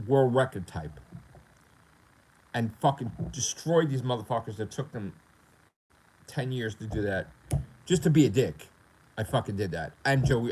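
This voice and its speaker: A man's voice: medium pitch, darkish tone, slight background noise, low-quality recording. A man talking casually on his gaming livestream in a profane, boastful, rambling way. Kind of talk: casual live-stream rant.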